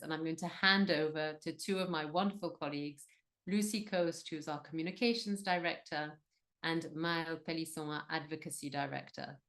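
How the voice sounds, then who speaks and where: A woman moderating an online business webinar, upbeat and encouraging, with many fillers. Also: sits low.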